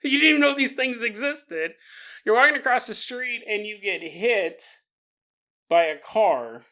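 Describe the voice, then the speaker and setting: Guy hosting a storytelling podcast, bright voice, keeps cracking up mid sentence. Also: high voice, expressive, a little slow. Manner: joking, laughs through his sentences. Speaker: podcast host.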